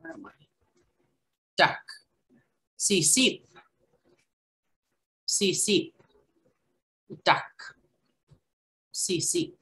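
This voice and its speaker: Slow, bright-voiced woman teaching vocabulary. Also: lowish voice, expressive, low-quality recording. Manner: slow, repeats each word carefully, casual asides. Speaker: language teacher. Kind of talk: online language lesson.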